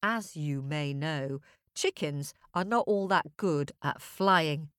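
A woman's voice: low-pitched, takes it slowly, no echo, clean studio sound. A woman telling a children's fable, playfully addressing young listeners directly. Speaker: storyteller. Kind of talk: children's story narration.

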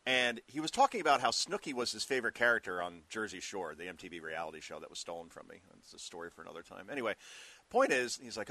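Sarcastic male radio host, bright tone, dry close mic. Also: mid-range voice, fast talker, dry recording. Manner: sarcastic, animated, riffing. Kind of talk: talk radio monologue and call-in.

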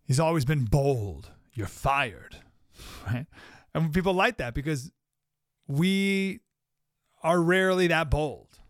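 A man's voice: a little high, expressive, slow, pauses often, no room sound. Sarcastic male podcast host, dry close mic. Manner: emphatic and sarcastic, with mocking put-on quotes. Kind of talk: opinionated commentary monologue.

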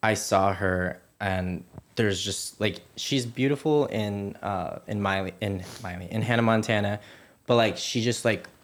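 A young man chats casually as a guest on a podcast. His voice sits a little low, and he talks loosely with plenty of likes and ums. He laughs easily as he tells his stories. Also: a little slow. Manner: chatty, lots of fillers, laughs easily. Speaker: podcast guest, former child actor. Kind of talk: casual interview chat.

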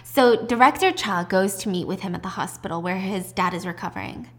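A woman's voice: a little fast, fairly bright tone. A woman casually recapping a drama, acting out the characters' lines and swearing freely. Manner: swears freely, acts out the lines with big pitch jumps. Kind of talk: casual recap with acted dialogue.

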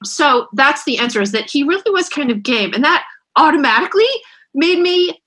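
A woman's voice: sits high, lively intonation, normal speed, fairly bright tone. A middle-aged woman author chatting candidly in an interview, self-deprecating, with many restarts. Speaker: author guest. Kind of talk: casual interview chat.

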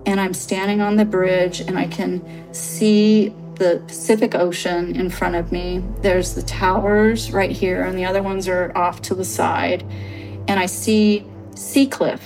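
A woman telling her own paranormal story on a podcast, halting and earnest, full of fillers as she searches for words. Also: lowish voice. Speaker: storyteller guest.

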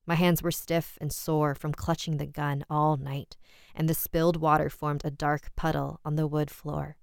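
A woman hosting a show and reading a horror story in a tense, measured way. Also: low voice, level tone, gravelly, clean tone, no echo, studio quality. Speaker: host and narrator. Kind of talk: scripted horror narration.

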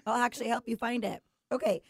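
A woman's voice: a little high, steady tone, quick pace, vocal fry, slightly rough, no room sound. Woman, podcast host, chatty, teasing, dry close sound. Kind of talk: casual chat.

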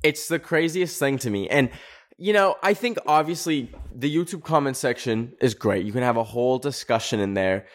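A young male podcast host in a loose, profane rant. He talks sarcastically at a middling pitch, and it jumps sharply higher whenever he gets worked up. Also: normal speed. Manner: animated, profane, sarcastic, pitch leaping up on emphasis. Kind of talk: casual ranting commentary.

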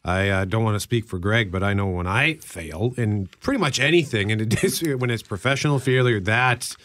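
A man's voice: lowish voice, normal speed, a bit bright. A man hosting a radio talk show, easygoing and joking. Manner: easygoing, joking, laughs often. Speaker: radio host.

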